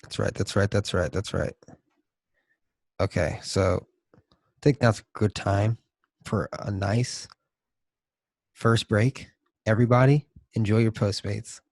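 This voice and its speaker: A young man with a low voice co-hosts a podcast in a relaxed, deadpan way. The recording is close and dry. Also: takes it slowly, vocal fry, long pauses, dry recording. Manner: laid-back, deadpan joking. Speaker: podcast co-host. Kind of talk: casual chat.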